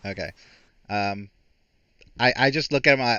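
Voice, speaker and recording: A man's voice: mid-range voice, moderate pace, long pauses, bright, forceful tone, clean tone, no room sound. A man playing a tabletop game, talking in a blunt, wry way. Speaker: player. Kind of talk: tabletop role-play. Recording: dull, distant mic.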